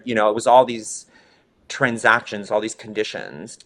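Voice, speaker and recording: A young adult man talks about his life in an interview, his voice sitting a little low. He speaks in an earnest, reflective way, with feeling close to the surface. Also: measured pace, fairly bright tone. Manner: earnest, reflective, openly emotional at times. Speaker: documentary subject, drag musician. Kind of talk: interview conversation.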